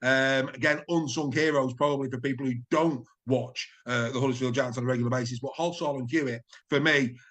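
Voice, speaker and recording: A man giving a comic, theatrical rugby league review, gushing and shouting the punchlines. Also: medium pitch, fairly even intonation, brisk, few pauses. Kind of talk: comic match review commentary.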